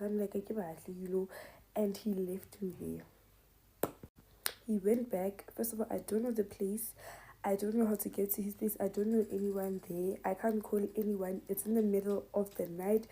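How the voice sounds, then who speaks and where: A young woman with a South African accent telling a casual storytime, animated, and switching between English and local languages as she talks. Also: mid-range voice, rough recording. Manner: animated, mixing English with Zulu and Sotho phrases.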